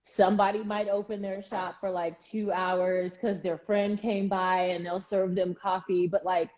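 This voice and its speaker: A woman co-hosting a casual chat, talking in quick asides with frequent restarts. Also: mid-range voice, flat delivery, darkish tone, lo-fi sound. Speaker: co-host.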